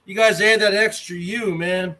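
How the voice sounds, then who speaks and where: A man's voice: sits high, steady tone, moderate pace, pushed and bright. An American man hosting a casual livestream, reading chat and taunting viewers by name. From United States. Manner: mocking, taunting, talks straight to chatters.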